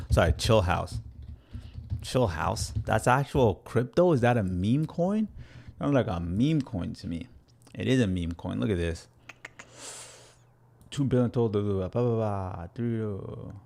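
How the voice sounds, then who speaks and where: Brief: young male crypto streamer, deep gravelly voice, energetic and chatty, reads viewer questions aloud. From Canada. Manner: energetic, chatty, playful with viewers, laughs often. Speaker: crypto educator hosting a livestream. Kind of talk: casual livestream chat answering viewers.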